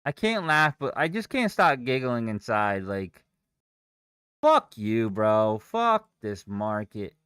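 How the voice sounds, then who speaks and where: A man's voice: medium pitch, big pitch swings, takes it slowly, fairly bright tone, clear, resonant tone, no room sound, studio quality. A young man livestreaming his day trading, cursing and venting in exasperated outbursts. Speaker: day trader streaming live. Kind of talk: live trading stream, frustrated ranting.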